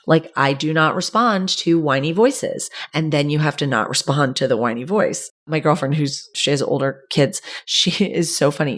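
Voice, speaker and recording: A young woman talks through a solo podcast episode in a loose, chatty way, often dropping fillers into her sentences. Her voice sits a little low for a woman. She sounds animated and conversational. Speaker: podcast host. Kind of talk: casual solo podcast talk.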